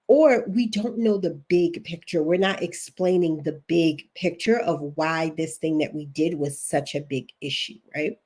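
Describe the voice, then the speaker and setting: A woman's voice: lowish voice, moderate pace, few pauses, dark tone. A middle-aged woman with a Baltimore accent, hosting a livestream as a career coach, chatty and encouraging, reading viewer comments aloud.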